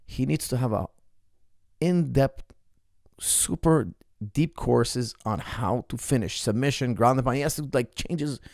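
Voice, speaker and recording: A man's voice: medium pitch, a little slow, creaky, a little mellow, no room sound, studio quality. A man, an MMA coach, recapping a fight in casual podcast talk, emphatic and repeating his points.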